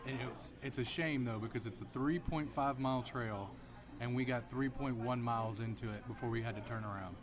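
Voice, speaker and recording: A man's voice: mid-range voice, fairly quick. A man chatting easygoing and matter-of-fact as a guest on an off-road podcast, at a restaurant. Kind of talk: casual chat. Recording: busy restaurant chatter behind.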